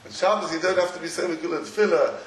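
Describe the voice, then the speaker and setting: A high-voiced man teaches a Talmudic class in a roomy space a faint hiss behind him. He stumbles and restarts often, and laughs between points. His delivery is lively and informal. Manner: animated, halting with repeated restarts, laughs often. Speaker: Torah teacher. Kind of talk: Talmudic lecture. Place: echoey room with a live audience. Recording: roomy echo, faint noise.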